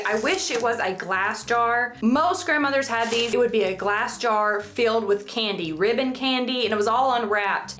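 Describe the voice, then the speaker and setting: A woman's voice: fairly high pitch, a bit bright, slight background noise. A woman with a Southern US accent chatting casually through a DIY craft vlog, joking and rambling, now and then stumbling over her words, recorded in a bathroom. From Southern United States.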